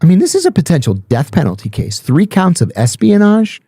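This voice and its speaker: Middle-aged man, podcast guest, blunt storyteller, lively pitch, dry close sound. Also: a little fast, breathy edge, no echo. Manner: animated storyteller, blunt, swears. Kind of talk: storytelling in casual chat.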